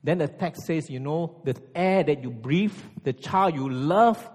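A man preaching a sermon, emphatic and full of rhetorical questions, at times dropping to a hushed intensity. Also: on the high side, sing-song, a little slow, breathy edge. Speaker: pastor. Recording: long hall reverb.

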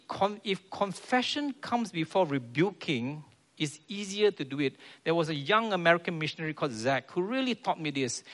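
A man's voice: high-pitched, fairly bright tone. A man preaching a sermon in a church, earnest and repeating his key phrases.

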